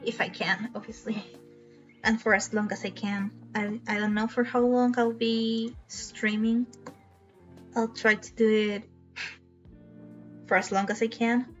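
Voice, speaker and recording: Slow, earnest young woman streamer. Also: fairly high pitch, steady tone, faint music behind. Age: young adult. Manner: earnest, emotional, many restarts and small laughs. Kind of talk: casual live-stream chat. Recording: slightly dull lo-fi stream audio.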